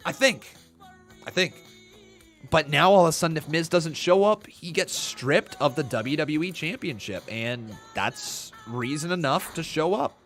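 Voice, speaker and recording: A man commentating live as a streamer, chatty and excitable, reading chat messages and breaking into loud chants. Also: a little high, measured pace, soft background music. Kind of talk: live watch-along commentary.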